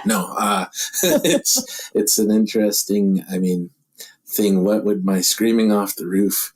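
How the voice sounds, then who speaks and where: A low-voiced man with a husky edge, talking as a podcast guest. He thinks aloud in halting, broken phrases and laughs often as he goes. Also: very animated. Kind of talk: casual interview talk.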